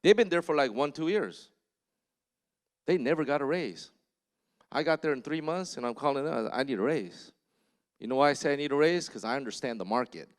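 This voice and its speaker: A man's voice: on the high side, expressive, fairly quick. A man preaching a conversational sermon as pastor, telling stories and bluntly exhorting the congregation, often checking in with them.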